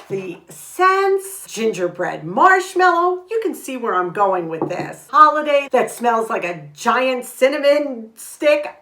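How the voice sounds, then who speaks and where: An older woman hosting a home vlog, telling a story in a chatty, animated way and acting out the lines of the people in it. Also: on the high side. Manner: chatty and animated, retelling with quoted dialogue. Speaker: vlog host. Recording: echoey room.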